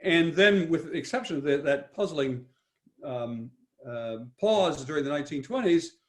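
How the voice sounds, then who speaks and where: A man's voice: a little high, expressive, moderate pace. An older man giving a talk with slides, speaking emphatically with many restarts and self-corrections. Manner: rambling, frequent restarts, emphatic. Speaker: guest speaker.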